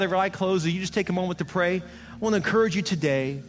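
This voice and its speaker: Man preaching in a big echoey church hall, kinda high voice, faint music under it. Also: very fast, crowd noise, background noise. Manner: storytelling, acting out dialogue, building to emphatic exhortation. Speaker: pastor. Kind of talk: sermon with illustration story. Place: church auditorium.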